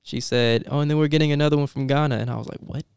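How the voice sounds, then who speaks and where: Young male guest, smooth resonant voice, animated storyteller, dry close sound. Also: a little high, rapid-fire, no echo. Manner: animated, laughing, many fillers and restarts. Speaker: guest, dental assistant. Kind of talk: casual storytelling interview.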